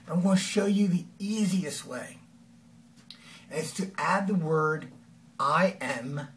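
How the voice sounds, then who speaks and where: A man giving an energetic, conversational motivational talk as a life coach, often acting out quoted lines. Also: high-pitched, far from the mic, a little hiss or hum.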